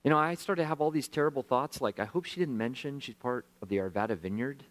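A man's voice: mid-range voice, quick pace, poor audio. A male pastor telling a story in a sermon, acting out the voices of the people in it.

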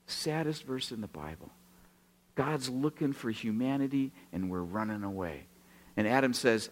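A man's voice: mid-range voice, moderate pace. A man in his sixties from Oregon preaching a sermon, telling stories with acted-out dialogue and joking with the congregation. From Oregon, USA. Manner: animated storytelling, acts out dialogue, jokes with the congregation. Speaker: pastor.

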